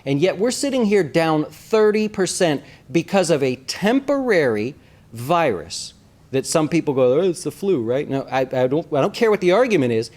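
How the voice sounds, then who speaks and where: An animated man with a slightly raised pitch gives casual commentary on the stock market. He hosts an investing show and talks straight to his viewers. He keeps checking in with a quick "right?". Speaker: investment advisor and show host.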